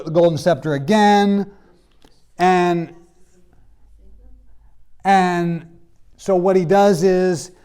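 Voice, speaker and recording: Casual, high-voiced male Bible teacher. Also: mellow, clean tone. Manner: casual, storytelling, acts out characters' lines. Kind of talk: classroom lecture. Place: classroom.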